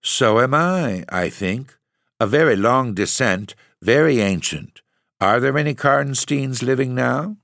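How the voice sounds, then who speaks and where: A man's voice: medium pitch, expressive, unhurried, gravelly, a bit bright, dry recording, pitched above the performer's own voice. A languid, dreamy young noblewoman, weak and mysterious, put on by a man reading a storybook aloud. She murmurs drowsily and half-whispers. The reading sounds close and dry. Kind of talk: audiobook reading.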